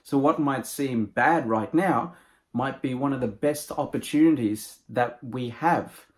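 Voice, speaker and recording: A male motivational speaker tells a moral story with animated energy, his mid-range voice rising and dropping at an unhurried pace. He narrates warmly for effect and lands a lesson for entrepreneurs in a lively delivery.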